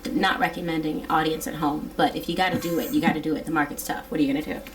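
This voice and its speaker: A woman with a slightly low voice chats casually and jokes around, acting out quotes in livelier tones. Faint background noise sits under her voice. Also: fairly even intonation, very fast. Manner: chatty and joking, acts out quotes. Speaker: guest. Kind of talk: casual chat.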